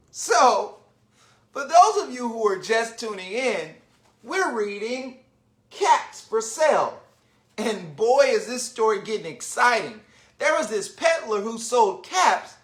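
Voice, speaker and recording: A man reading a children's storybook aloud online, with animated, chatty asides to young listeners. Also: high-pitched. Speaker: children's book reader, literacy founder. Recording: roomy echo.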